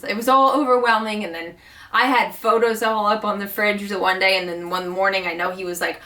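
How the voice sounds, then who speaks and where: A woman's voice: a little high, fairly quick, a bit bright, far from the mic. A young woman vlogging casually from her bedroom at home, chatting and rambling with lots of "like"s. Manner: chatty, rambling, with many likes. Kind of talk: casual chat.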